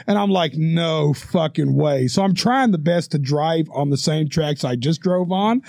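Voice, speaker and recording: A man's voice: a little high, unhurried, gravelly, darkish tone, no echo, clean studio sound. A man co-hosting a podcast, rambling through a crude story with frequent laughs and swearing. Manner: profane, rambling, laughs often. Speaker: podcast co-host. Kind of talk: casual storytelling.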